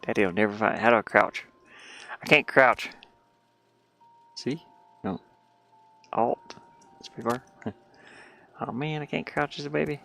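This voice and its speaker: A man's voice: medium pitch, unhurried, vocal fry, long pauses, pushed and bright. A man casually commenting while he plays his own game, rambling in mumbled asides.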